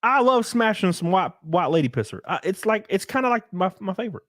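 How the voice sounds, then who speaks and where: A man's voice: sits high, very animated, brisk, a bit bright, no room sound, studio quality. A man hosting a casual solo livestream, rambling and crude, often laughing as he reads out chat comments. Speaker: livestream host.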